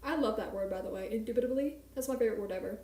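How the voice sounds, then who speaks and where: A woman's voice: mid-range voice, racing, darkish tone, echoey room. A young woman streamer chatting casually and rambling, with a self-mocking manner, in a small home apartment at night. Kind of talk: casual live-stream chat.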